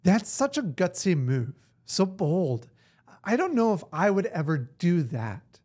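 Slow, husky reflective narrator. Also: medium pitch, sing-song, warm tone.

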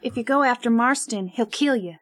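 A woman's voice: fairly high pitch, brisk, no room sound, studio quality, natural voice. An actress playing a young frontier woman who pleads with a man not to leave. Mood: pleading.

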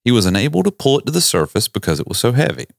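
A man's voice: medium pitch, sing-song, rapid-fire, gravelly, no room sound, studio quality. A man, hosting a podcast and telling stories in a folksy, jokey manner. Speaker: podcast host. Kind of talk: casual storytelling chat.

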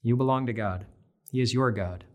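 A man's voice: mid-range voice, normal speed. A man giving an earnest, conversational devotional Bible talk, repeating phrases for emphasis. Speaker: devotional speaker.

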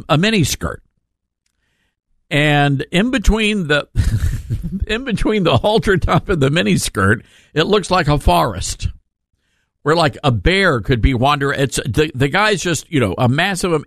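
A man hosting a talk radio show, giving casual opinion commentary in an animated, sarcastic way with rambling asides. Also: fairly high pitch, no room sound, clean studio sound.

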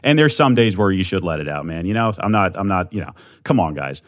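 A man's voice: low-pitched, lively intonation, brisk, no echo, clean studio sound. A young man hosting a solo podcast, talking in an amped, rambling way with lots of swearing and restarts at a desk mic. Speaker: podcast host.

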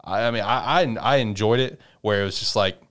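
A man with a low, smooth and resonant voice talks through an anime episode in casual podcast chat. He rambles, leans on fillers and swears freely. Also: brisk. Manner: slips into animated voices when retelling scenes. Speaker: podcast co-host.

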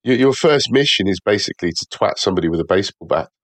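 A man's voice: sits low, lively intonation, quick pace, dry recording. A man in a casual podcast chat, laid-back and blunt. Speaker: podcast co-host.

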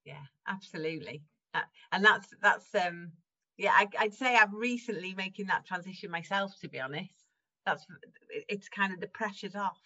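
A woman's voice: mid-range voice, normal speed, bright, forceful tone, lo-fi sound. Middle-aged woman, laughing guest. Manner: laughs often while talking. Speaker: guest, improv performer. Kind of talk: casual conversational interview.

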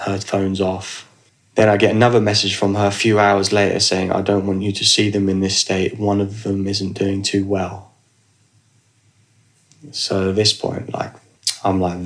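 A young man telling a personal story in a rambling, casual way, with restarts and swearing. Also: sits low. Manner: rambling, restarts, swears, acts out others' lines.

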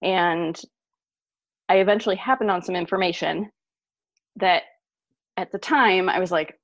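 A woman in her thirties, a guest on an interview show, telling a personal story in an animated way with frequent laughs. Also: on the low side, a little slow, pauses often, dry recording. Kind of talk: podcast interview. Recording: dull lo-fi dry sound.

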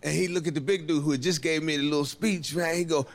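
A man doing a stand-up comedy set, telling a loose, animated story full of profanity and acted-out quotes. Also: fairly high pitch, fast. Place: stage before a live audience. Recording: live club recording with loud crowd noise.

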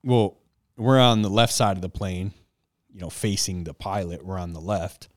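A man casually telling an animated, self-mocking story and laughing along the way. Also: low voice, normal speed, dry recording, clean studio sound.

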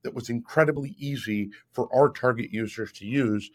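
A man's voice: mid-range voice, normal speed. Emphatic man in his fifties. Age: 50s. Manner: explanatory, emphatic, repeats "right?". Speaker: guest, app founder. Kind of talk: podcast interview.

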